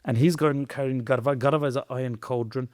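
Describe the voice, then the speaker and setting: A man in a podcast chat who tells old history with earnest, sermon-like passion. His voice sits in a middle register, and he swings from loud, pointed emphasis to low, quiet asides. The recording is close and dry, with no room echo. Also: fairly even intonation, a little fast. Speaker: podcast storyteller.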